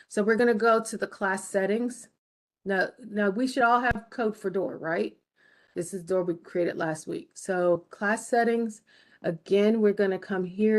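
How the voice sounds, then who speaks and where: A woman walks her students through a game design lesson one step at a time. She is patient and clear, and often pauses to ask whether everyone is following. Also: medium pitch, a little mellow. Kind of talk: recorded screen-share lesson.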